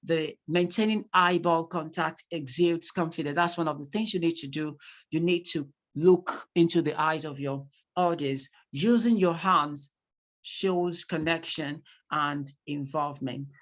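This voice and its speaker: A public speaking teacher giving an online class over a video call, acting out examples with lively emphasis. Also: medium pitch, unhurried. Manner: animated, acts out examples.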